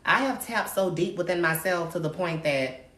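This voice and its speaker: A woman's voice: fairly low pitch, lively intonation, normal speed, a bit bright. A woman hosting her own livestream, delivering a brash, profane, sassy rant to viewers and calling everyone darling. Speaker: livestream host. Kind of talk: live-stream rant to viewers. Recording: roomy echo, faint noise.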